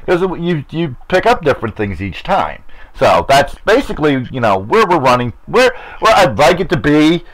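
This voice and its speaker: A man's voice: fairly high pitch, sing-song, moderate pace, rough recording. A middle-aged man hosting a racing chat show, rambling and repeating himself in casual talk.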